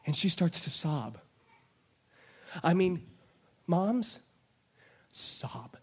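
A man's voice: on the high side, sing-song, very slow, slightly rough. A man preaching a sermon, retelling a scripture story with emphatic storytelling and acting out the voices of its people. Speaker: pastor.

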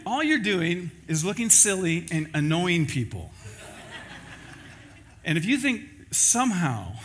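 A man's voice: fairly high pitch, a bit bright. A man preaching a sermon as pastor, in a conversational style with everyday examples.

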